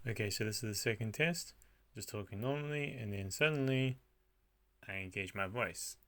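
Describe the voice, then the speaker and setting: A man with a gravelly voice, talking hesitantly and thinking aloud in a voice practice vlog. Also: lowish voice, normal speed, bright, forceful tone, slight background noise.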